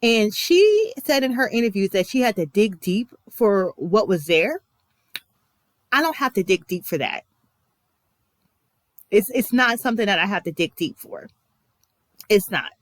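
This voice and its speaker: A woman's voice: mid-range voice, sing-song, unhurried, pauses often, dry recording. A young American woman giving a chatty, emphatic reaction commentary with many fillers and asides. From United States. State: emotional. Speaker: vlogger reacting to a TV episode.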